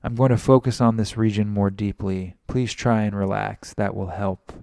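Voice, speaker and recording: A man voicing a calm doctor who speaks slowly and soothingly to a patient. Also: fairly low pitch, vocal fry, clean tone, no room sound, clean studio sound.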